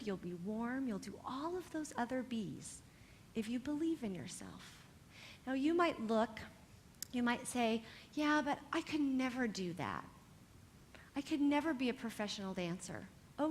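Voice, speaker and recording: A woman from California who teaches dance, giving a motivational talk to young dancers in an animated, encouraging way and speaking straight to the students. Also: a little high, slight background noise.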